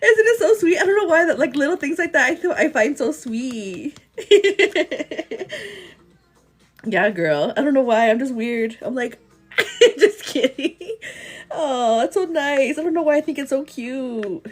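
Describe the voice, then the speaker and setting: A woman's voice: sits high, animated, unhurried, faint music behind. A young pregnant woman from El Paso, chatting giggly and casually on her morning livestream. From El Paso, Texas. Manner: giggly, chatty, often says girl. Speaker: livestream host.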